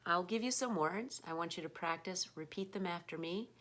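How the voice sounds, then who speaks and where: An American woman giving an online pronunciation lesson, speaking slowly and patiently, repeating words for learners to copy. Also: fairly low pitch, a bit bright. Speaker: English pronunciation teacher.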